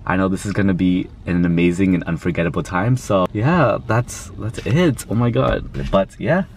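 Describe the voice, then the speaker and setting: Young male vlogger, gushy and excitable, nervous energy, light background hiss. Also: low-pitched, moderate pace. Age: young adult. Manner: excitable, gushing, lots of "oh my God". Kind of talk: casual vlog talk to camera.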